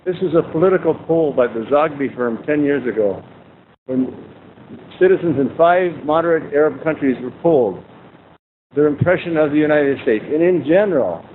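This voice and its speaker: A man in his sixties giving a humorous, conversational university lecture with anecdotes. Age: 60s. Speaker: guest lecturer. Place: warm university lecture room. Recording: tinny phone-like sound, faint rumble.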